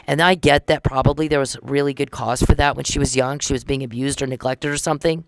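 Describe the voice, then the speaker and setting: A middle-aged podcast host talks quickly and with few pauses in a rumbling low voice and a steady tone. Chatty and indignant, she recounts events and acts out her conversations with quoted dialogue. The studio sound is clean, with no echo.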